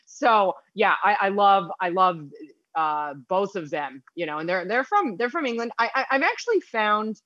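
Woman, halting casual chat, muffled lo-fi recording. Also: medium pitch, animated, a bit bright, no echo. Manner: chatty, self-deprecating, halting restarts. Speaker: guest.

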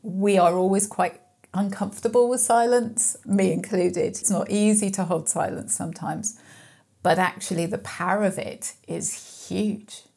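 A woman's voice: medium pitch, fairly even intonation, unhurried, creaky, a little mellow. A woman guest speaking in an earnest, reflective, storytelling way during a conversational interview. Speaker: mental health guest speaker.

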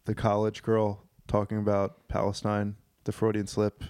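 A man's voice: on the low side, completely flat delivery, normal speed, darkish tone, smooth, no echo, clean studio sound. A young man co-hosting a podcast, chatting casually and profanely, rambling through stories. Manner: loose, profane, rambling storyteller. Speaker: podcast co-host. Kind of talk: casual banter.

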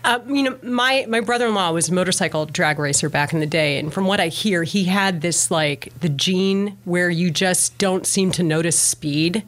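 A woman's voice: fairly low pitch, moderate pace, few pauses, fairly bright tone. A woman hosting a casual interview, asking curious follow-up questions. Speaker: interviewer, host.

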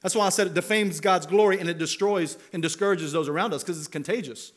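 A man's voice: high voice, fast. A man preaching a sermon as pastor, talking conversationally and building to emphatic rhetorical questions. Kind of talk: expository sermon.

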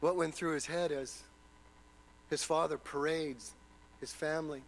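A man's voice: a little high, steady tone, a little slow, slight background noise, low-quality recording. A man preaching a sermon, retelling a story dramatically and posing rhetorical questions.

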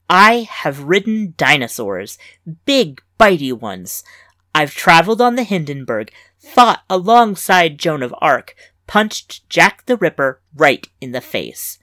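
Woman reading fiction, slightly low, dry. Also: a bit bright, dry recording. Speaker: story reader and host. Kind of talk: scripted fiction narration.

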